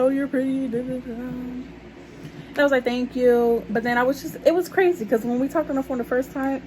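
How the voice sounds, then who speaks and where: A woman's voice: a little high, a little mellow, a little hiss or hum, low-quality recording. A young woman chatting casually to her viewers about her life, calling them y'all. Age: young adult. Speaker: vlogger telling a story. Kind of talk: casual storytime chat.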